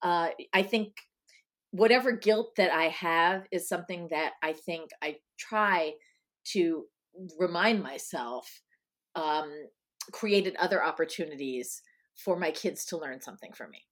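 A woman's voice: lowish voice, measured pace, fairly bright tone. A middle-aged woman from Long Island, a guest in a casual interview, chatting with lots of ums and you-knows. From Long Island, New York. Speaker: guest, author.

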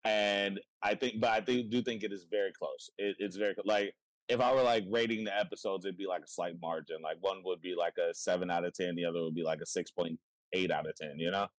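A man co-hosting a casual podcast chat, laughing often and retelling scenes with quick put-on voices. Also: deep voice, steady tone, dry recording. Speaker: podcast co-host.

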